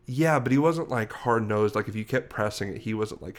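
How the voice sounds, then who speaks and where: A man's voice: fairly low pitch, a little fast, hardly any pauses. Rambling young man telling stories. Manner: rambling, self-correcting storyteller. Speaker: podcast host. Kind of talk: casual podcast chat.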